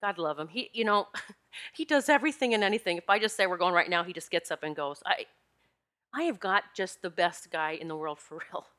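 A woman with a bright, forceful voice tells a personal story in a relaxed monologue. She sounds animated and confiding and speaks straight to her listeners. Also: medium pitch, a little fast. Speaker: spiritual energy practitioner.

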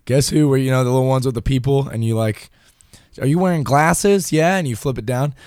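A man's voice: mid-range voice, fast, clean tone, no echo, studio quality. A young man co-hosting a casual faith podcast, telling stories with lots of restarts. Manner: chatty, animated storyteller with frequent restarts. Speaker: podcast co-host. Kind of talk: casual chat.

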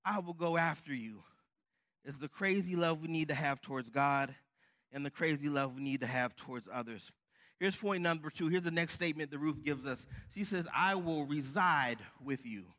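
A man's voice: on the high side, expressive, normal speed, pushed and bright. A man preaching a sermon with fervent, building emphasis. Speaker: pastor.

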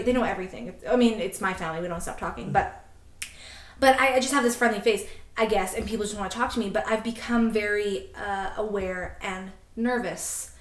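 A woman in her twenties from Canada, chatting casually on a podcast and telling a story in an animated way, acting out quotes. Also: mid-range voice, roomy sound. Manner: animated, quick, laughing asides, acts out quotes. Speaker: podcast co-host.

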